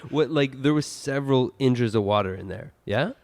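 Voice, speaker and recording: A man's voice: medium pitch, normal speed, darkish tone, dry recording. A man co-hosting a podcast, chatting casually and mostly chiming in with short agreements. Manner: brief agreeing backchannels. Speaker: podcast co-host. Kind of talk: casual chat.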